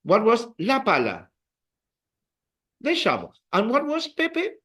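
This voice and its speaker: A man's voice: very high voice, wildly swooping pitch, slow, sharp tone. A man teaching a beginner Spanish class, patiently repeating words for drills and encouraging his students. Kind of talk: classroom language lesson.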